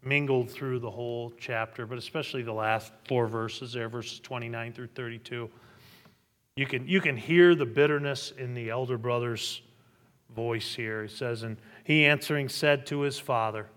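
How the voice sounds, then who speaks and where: A man's voice: mid-range voice, moderate pace, fairly bright tone, long reverb tail. A middle-aged male pastor preaching a sermon, reading scripture aloud and building to emphatic peaks. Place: church sanctuary.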